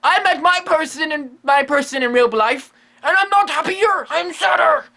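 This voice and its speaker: Man doing a goofy ghost medium, broken english with dropped articles, bright voice that swings up and down a lot. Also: very high voice, lively intonation, moderate pace, vocal fry, heavily acted. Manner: broken English that drops articles, rambling asides. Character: quirky lonely male ghost medium, self-amused and rambling. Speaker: comedy vlogger in character. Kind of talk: comedy character monologue.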